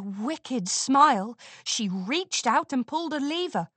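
A woman narrating a children's storybook in an expressive, unhurried reading. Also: sits high, dry recording.

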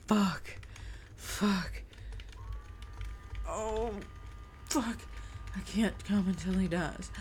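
A young woman in an intimate solo audio monologue, breathy and out of breath, sighing and swearing. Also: medium pitch, darkish tone. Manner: breathy, swearing, drawn-out sighs.

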